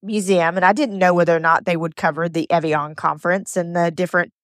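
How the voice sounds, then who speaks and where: A woman's voice: fairly low pitch, fairly even intonation, fast, no room sound, clean studio sound. A woman hosting her podcast alone, speaking, earnest and emotional, often stumbling and repeating words. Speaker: podcast host. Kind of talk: heartfelt solo podcast monologue.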